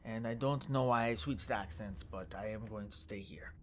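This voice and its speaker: A man voicing a calm male tavern owner in a tabletop game. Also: lowish voice, normal speed, a little hiss or hum, lightly acted. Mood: hospitable. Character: male tavern owner standing firm in his home.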